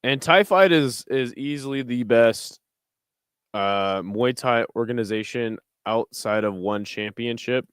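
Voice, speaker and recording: A relaxed, foul-mouthed man hosts a late-night fight watch-along and trades jokes with his chat. His voice comes through smooth and clear, recorded dry on a close desk mic with no room sound. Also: medium pitch, measured pace, dry recording. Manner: laid-back, profane, jokey asides to chat. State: tired, burping. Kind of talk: casual live commentary.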